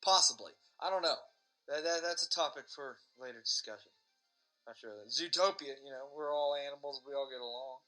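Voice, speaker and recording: A man's voice: a little high, a little fast, bright, forceful tone, faint music behind, low-quality recording. A man hosting a podcast, rambling sarcastically and swearing freely in a casual monologue. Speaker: podcast host.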